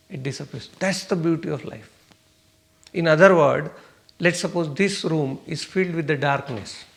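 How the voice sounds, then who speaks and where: Questioning male meditation teacher, higher voice. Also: fairly bright tone. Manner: asks the listeners questions and answers them; repeats himself and checks "okay?". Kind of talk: spiritual talk to a class.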